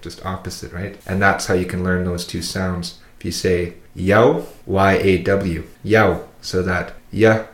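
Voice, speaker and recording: A man giving a patient pronunciation lesson, modelling each sound slowly and carefully for a learner to repeat. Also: sits low. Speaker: language teacher. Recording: roomy echo.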